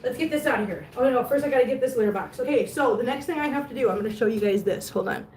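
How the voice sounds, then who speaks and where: Talking very fast in a slightly high, darkish voice, a vlog host chats with her livestream viewers and coos at her cats. She's at home in a room with litter boxes, and the phone recording sounds echoey with faint noise.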